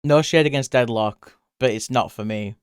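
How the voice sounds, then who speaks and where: A British man chatting casually on a live stream, answering chat and rambling freely. He laughs often, and his voice jumps up when he gets excited. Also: mid-range voice, normal speed, clean tone, dry recording, studio quality. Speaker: livestreamer.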